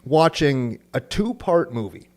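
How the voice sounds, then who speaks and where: A man's voice: medium pitch, a little slow. A man co-hosting a casual podcast chat, telling stories and acting out funny quoted lines. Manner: lively storyteller, acts out scenes with funny quoted voices. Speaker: podcast co-host.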